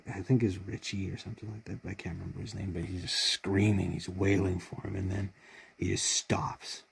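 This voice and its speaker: Deep gravelly man, emotional and rambling. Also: little pitch movement, fast talker, a little hiss or hum. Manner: heartfelt, rambling retelling with many restarts. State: choked up with emotion. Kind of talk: casual fan commentary on a TV show.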